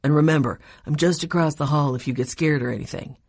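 A woman voicing a calm sensible older brother. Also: low voice, quick pace, slightly rough, dry recording, studio quality. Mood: reassuring. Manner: calm and reassuring.

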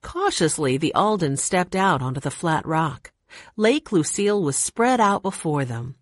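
Calm, steady audiobook narration from a woman with a low voice. The recording is very dry and close, with no room sound. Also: measured pace, dry recording.

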